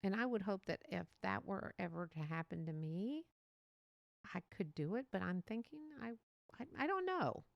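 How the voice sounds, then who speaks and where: A woman hosting a casual solo podcast, talking in a chatty, animated way and laughing often. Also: low voice, creaky, no room sound, lo-fi sound. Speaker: podcast host.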